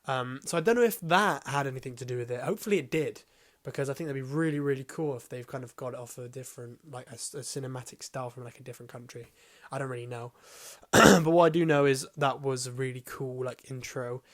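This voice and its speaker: A man talks through a film review at mid pitch. He rambles, stops to restart his thoughts, and swears now and then. He sounds like someone chatting rather than reading a script. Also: fast talker. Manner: rambling, hesitant, swears casually. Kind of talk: casual spoken film review.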